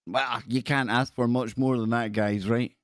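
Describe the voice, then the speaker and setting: A man's voice: mid-range voice, fairly even intonation, normal speed, smooth, no echo. Man, call-in radio host, casual banter, dry room. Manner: friendly, says "man" and "dude" often.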